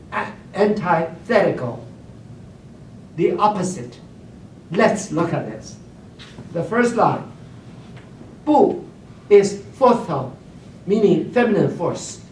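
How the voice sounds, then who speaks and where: Male teacher, unhurried, checks in with students often; roomy distant classroom sound with faint hiss. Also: fairly high pitch. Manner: keeps checking in with the class, hums and sings examples. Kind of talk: classroom lecture. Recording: roomy classroom recorded from afar.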